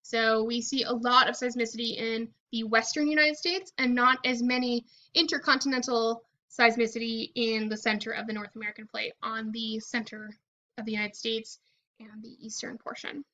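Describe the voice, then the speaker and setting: A woman's voice: fairly high pitch, little pitch movement, moderate pace, bright, forceful tone, lo-fi sound. A woman teaching a recorded college lecture, explaining in a casual way with frequent "um" and "okay" checks. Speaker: college geology instructor.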